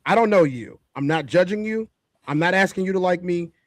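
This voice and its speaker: A man co-hosts a podcast talk show, offering opinionated commentary in an emphatic, preachy style and repeating his points for effect. His high voice is animated and a little fast, recorded with clean studio sound and no room sound.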